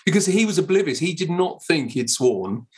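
A man's voice: fairly high pitch, moderate pace, slightly rough. Chatty male teacher trainer. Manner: animated anecdotes with bright put-on quotes. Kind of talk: casual podcast chat.

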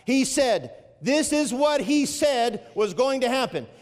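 A man with a notably high voice preaches from the pulpit, leaning hard on key phrases and drawing them out. His words ring through a church sanctuary with a long reverb trailing behind. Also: expressive. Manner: preaching with swelling emphasis and drawn-out phrases. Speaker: pastor. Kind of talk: sermon.

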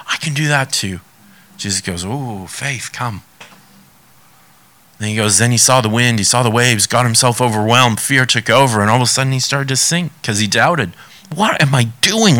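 Guy preaching, lively up-and-down voice, bright tone, lots of questions to the crowd. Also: medium pitch. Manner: animated, talks through scripture with rhetorical questions. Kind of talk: sermon.

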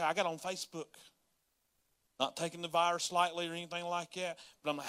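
A man preaching a sermon as a pastor, folksy and conversational, rising to loud pleading. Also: fairly high pitch, steady tone, a little fast, smooth. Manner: folksy Southern-style preaching, rising to yelling in acted prayers.

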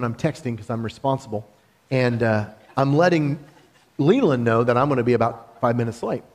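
A man preaching a sermon, talking in an animated, conversational storytelling way with laughs. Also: medium pitch.

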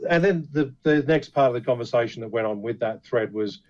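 A man's voice: mid-range voice, fairly quick, hardly any pauses, a little mellow. A man talking casually as a podcast co-host about knife making, blunt and swearing freely. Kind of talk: casual chat. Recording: dull lo-fi sound.

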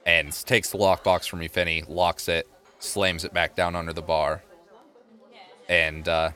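Deep-voiced man running a tabletop game. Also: unhurried. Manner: relaxed, improvising, laid-back. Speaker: game master.

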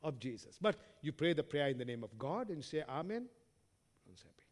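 A man preaching with a fairly high voice, reading scripture and putting questions to the listeners. He swings from forceful emphasis to hushed, trailing words. His voice rings out with a long reverb, as in a large hall. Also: big pitch swings, fast. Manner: addresses listeners as friends, asks rhetorical questions.

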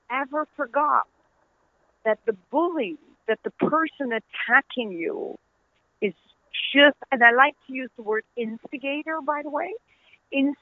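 A middle-aged Dutch woman with a high-pitched voice, an author appearing as an interview guest, tells stories earnestly and laughs easily. Her conversational interview comes through dry and tinny, like a phone line.

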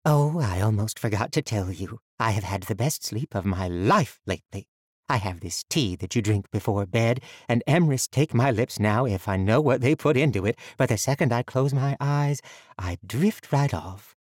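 A man's voice: lowish voice, animated, moderate pace, no echo, clean studio sound. A man voicing a chatty woman supervisor in an audiobook, motherly and coaxing with a sinister edge. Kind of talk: audiobook character voice.

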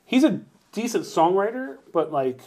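A man co-hosting a wrestling talk podcast, chatting casually, animated and swearing often. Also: high voice, moderate pace. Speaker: podcast co-host. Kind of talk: casual chat.

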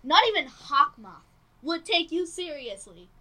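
A woman's voice: high-pitched, sing-song, a little slow, bright, forceful tone. A woman co-hosting a podcast, teasing and emphatic in casual banter. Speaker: podcast co-host.

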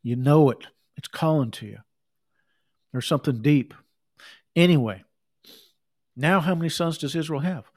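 A middle-aged man preaching a sermon, reading scripture and breaking off into conversational asides and quick acted quotes. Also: fairly high pitch. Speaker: pastor.

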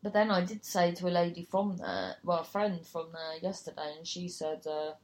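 A woman's voice: on the low side, expressive, moderate pace. A woman comedian telling a gig story casually, swearing freely and acting out other people's voices. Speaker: comedian and compere.

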